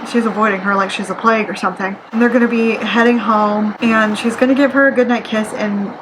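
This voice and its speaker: A woman's voice: mid-range voice, steady tone, a little fast. A woman giving a casual spoken book review at home, chatty and sarcastic, with lots of "like" and wry asides. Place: apartment with air conditioning running. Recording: noisy with air conditioner hum.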